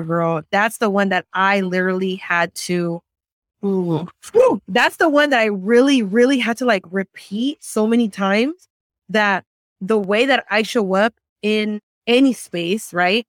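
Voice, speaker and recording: A woman guest in casual conversation, telling animated stories, acting out other people's voices and swearing freely. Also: medium pitch, a little slow, dry recording, studio quality. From Central American family, raised in US. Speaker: podcast guest.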